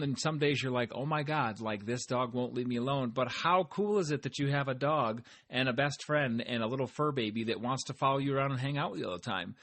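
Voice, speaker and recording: A farmer hosts his own podcast, giving a casual, upbeat motivational monologue and frequently addressing his listeners directly. His voice is medium-pitched with a sharp tone.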